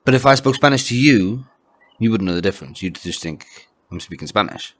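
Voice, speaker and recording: A Welsh-born man co-hosting a relaxed podcast chat. His voice sits low but swings widely in pitch, and he laughs a lot and stumbles over repeated words. The sound is dry and close. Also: a little fast, no echo. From Wales. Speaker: podcast co-host. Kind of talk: casual chat.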